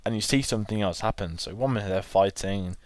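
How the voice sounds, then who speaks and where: A man's voice: on the low side, quick pace, no room sound. A man co-hosting a film podcast, chatting enthusiastically and rambling with restarts. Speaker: podcast co-host. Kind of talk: casual film chat.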